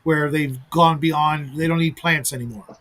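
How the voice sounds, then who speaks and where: A man's voice: a little high, steady tone, normal speed, fairly bright tone. Rambling man hosting a casual chat. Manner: rambling, with many restarts. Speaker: host.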